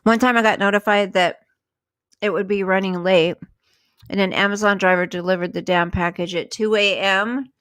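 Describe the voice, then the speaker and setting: A woman's voice: medium pitch, steady tone, normal speed, clear, resonant tone. A woman hosting a casual livestream, chatting with viewers, thanking them and eating as she talks. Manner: chatty, thanks viewers warmly, eats while talking. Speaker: livestream host.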